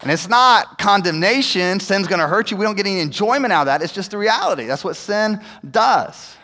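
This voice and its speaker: A man with a notably high-pitched voice delivers a conversational sermon, tossing in frequent "right?" asides and swinging between hushed and emphatic stretches. He is heard in a church sanctuary with a long, lingering hall reverb. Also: animated, brisk. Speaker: pastor.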